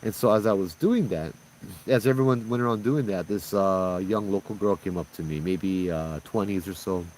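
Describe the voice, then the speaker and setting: A low-pitched man tells a ghost story in an easy, conversational way. He speaks as a tour guide and often checks in with "right?" and "you know?". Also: normal speed, a little mellow, slight background noise, rough recording. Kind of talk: casual spoken ghost story.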